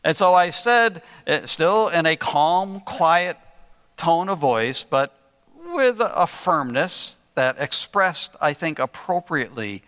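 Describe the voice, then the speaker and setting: An older man delivers a sermon at an unhurried, deliberate pace, leaning on words for earnest emphasis. His voice sits a bit high and sounds bright and forceful. A long reverb trails behind him, as in a large hall. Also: expressive. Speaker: pastor.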